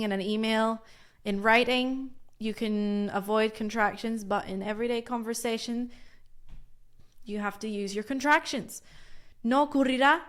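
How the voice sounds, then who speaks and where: A young woman teaching an English lesson live online. She explains in English and Spanish and says example phrases slowly. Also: mid-range voice. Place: lives in Cantabria, Spain.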